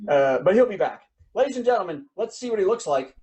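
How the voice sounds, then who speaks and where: A man hosts a live online comedy show, rambling cheerfully through plugs and introductions. His voice sits fairly high for a man, and his jokes tumble out loosely. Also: very animated, quick pace, a little mellow. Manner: rambling, joking, upbeat. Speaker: host.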